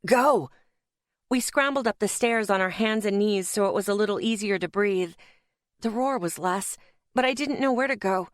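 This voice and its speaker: Casting: woman, mid-pitched, first-person audiobook narrator, tense dramatic read, dry close sound. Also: normal speed, no room sound.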